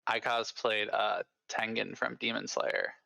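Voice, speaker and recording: A man's voice: on the low side, fairly even intonation, unhurried, creaky, bright, forceful tone, no room sound, low-quality recording. A man chatting casually about a recent weekend, laid-back and self-mocking. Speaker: player. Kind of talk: casual chat.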